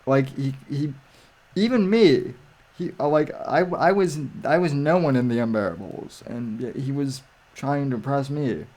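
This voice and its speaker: A man's voice: medium pitch, a little slow, darkish tone. A man co-hosting a casual live stream over a video call, rambling with many restarts and fillers.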